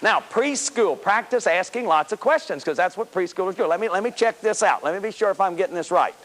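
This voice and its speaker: A man's voice: sits high, lively intonation, a little fast, fairly bright tone, some chatter behind. A man in his fifties giving a self-help lecture, emphatic and repeating words as he drives points home. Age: 50s. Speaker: speaker on healing the inner child.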